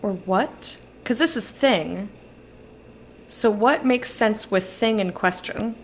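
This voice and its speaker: A woman's voice: mid-range voice, slow, a little hiss or hum. Chatty young woman streaming a game. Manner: chatty, reads game dialogue aloud between musings. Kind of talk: casual let's-play commentary.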